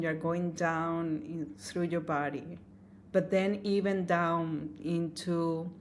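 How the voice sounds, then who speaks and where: A woman sound healer talks slowly and gently, her voice sitting a little low. She speaks earnestly and with feeling, and a faint hiss sits under her voice. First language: Spanish. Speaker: sound healer and opera singer. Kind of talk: interview answers.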